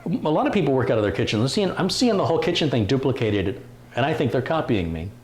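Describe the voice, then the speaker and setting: A man's voice: medium pitch, very animated, fast talker. A man hosting a live stream, chatting casually, joking and reading viewer comments aloud. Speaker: livestream host. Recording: roomy echo, faint room noise.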